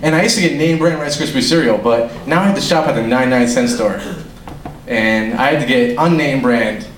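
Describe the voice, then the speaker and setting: A man's voice: mid-range voice, slight background noise. Rambling young man doing stand-up, echoey room. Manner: rambling, swears a lot, laughs at own jokes. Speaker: stand-up comic. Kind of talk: amateur stand-up set. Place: small room with an audience. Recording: echoey room, faint ambience.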